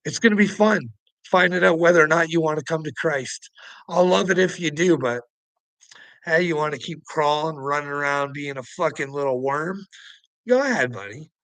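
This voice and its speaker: Profane taunting man, bright edgy voice. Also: a little high, moderate pace, no room sound, poor audio. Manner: taunting, profane, breaks into mocking laughs. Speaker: vlogger. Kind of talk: angry rambling rant to the camera.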